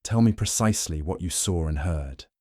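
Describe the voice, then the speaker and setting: A man voicing a shrewd older male detective who asks measured, pointed questions in an audiobook. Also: low-pitched, lively intonation, a little mellow, dry recording, clean studio sound. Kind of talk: audiobook narration.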